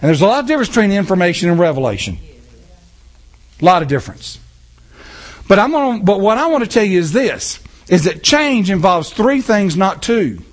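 A man preaching a sermon as pastor in his church, his voice pitched high. He swings widely up and down with passion and calls out to the congregation as he goes. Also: sing-song, a little fast. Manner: impassioned, talks with the congregation.

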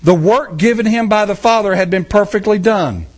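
A man's voice: high voice, normal speed, highs cut off. A man preaching a sermon in church, acting out scenes with a volunteer from the congregation. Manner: animated, acts out scenes with a volunteer. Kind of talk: sermon with audience interaction.

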